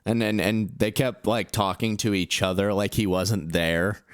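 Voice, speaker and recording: A young man co-hosting a podcast, telling stories in a casual, animated way. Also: on the low side, a little slow, clean tone, no room sound, studio quality. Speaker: podcast co-host. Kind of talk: casual chat.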